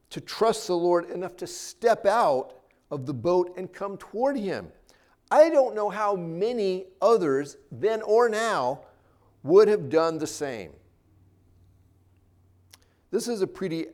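A man preaching a sermon as a pastor, talking with animated, rising and falling emphasis. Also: mid-range voice.

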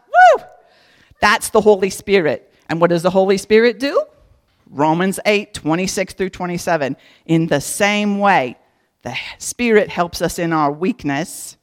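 Lively, folksy woman teaching the Bible. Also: lowish voice. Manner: folksy and humorous, talks straight to listeners. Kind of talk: casual devotional teaching.

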